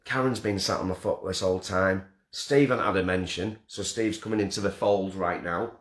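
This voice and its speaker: A man's voice: low-pitched, fairly even intonation, normal speed, few pauses, slight background noise. Man, self-deprecating live-stream host, joking and rambling, recorded at home with roomy echo. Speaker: festival host announcing winners. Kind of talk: casual live-stream hosting. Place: front room at home. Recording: roomy front-room echo.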